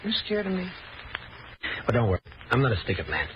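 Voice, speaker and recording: A breezy young racetrack con man in a vintage radio drama, his voice rising and falling in a lively way. The old recording is muffled with a steady hiss. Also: medium pitch, quick pace. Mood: laid-back. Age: young adult. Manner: breezy slangy drawl. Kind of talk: 1940s radio acting. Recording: dull hissy old radio broadcast.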